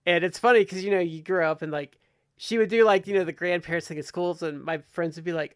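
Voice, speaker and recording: A man's voice: high voice, steady tone, fast, smooth, no room sound. Rambling man from Ohio, dry close sound. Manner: rambling, heavy use of "like" and restarts. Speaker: podcast host. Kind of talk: casual podcast chat.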